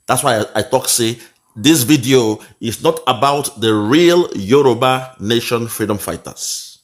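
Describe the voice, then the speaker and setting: A man with a Nigerian accent commenting on a video clip in a mocking, preachy way, slipping into pidgin. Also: medium pitch.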